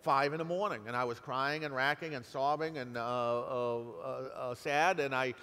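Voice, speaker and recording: Man, middle-aged, New England accent, halting speech with fillers, reverberant hall. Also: mid-range voice, sharp tone, clear, resonant tone. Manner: halting, many fillers and restarts. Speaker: guest speaker. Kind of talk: speech to an audience. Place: large hall.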